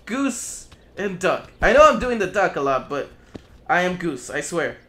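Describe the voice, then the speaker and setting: High bright man, lively swings, playful taunting game commentary with swearing, faint music behind. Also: moderate pace. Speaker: gameplay commentator. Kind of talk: casual let's play commentary.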